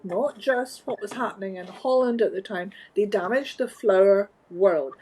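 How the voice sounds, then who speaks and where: A Scottish woman, a guest from the flower trade, telling stories in an animated, wry and emphatic way. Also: a little high, breathy edge, poor audio. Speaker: interview guest, floral industry organizer. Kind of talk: conversational storytelling.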